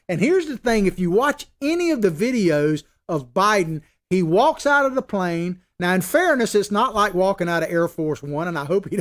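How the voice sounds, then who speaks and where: A middle-aged man hosting a political talk show, giving opinionated, emphatic commentary in a conversational way. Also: sits high.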